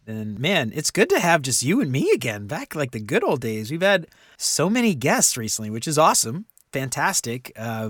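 Rambling animated male podcast co-host. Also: medium pitch, dry recording, clean studio sound. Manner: animated, rambling, laughs often. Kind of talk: casual chat.

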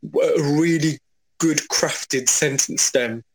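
A man, an experienced teacher, talking through classroom practice in a measured, conversational way, with frequent restarts. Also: on the high side. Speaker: school teacher and trust leader. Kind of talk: conversational podcast interview.

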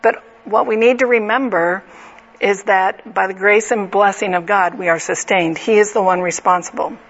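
A woman's voice: mid-range voice, fairly even intonation, normal speed, breathy edge. Earnest woman teaching a Bible study. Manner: earnest, conversational, asks the group direct questions. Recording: slightly dull lo-fi recording.

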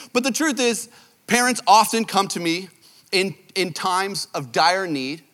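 A man, a youth pastor, preaching a sermon and telling self-deprecating stories in an animated way. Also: high voice, slow, big-room sound. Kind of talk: sermon with storytelling.

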